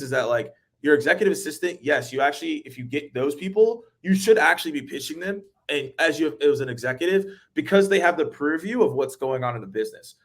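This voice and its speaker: A man's voice: on the high side, fairly bright tone. A man hosting a webinar, explaining cold calling with energy, acting out calls and laughing often. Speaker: webinar host, sales trainer. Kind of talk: animated casual explanation.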